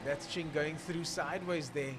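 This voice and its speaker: A man speaks at a moderate pace with fairly even intonation and a fairly high pitch, his voice set against heavy background noise. Commentating casually on a drag racing stream, he chats loosely, thinks aloud, and keeps talking to cover gaps while searching for drivers' names.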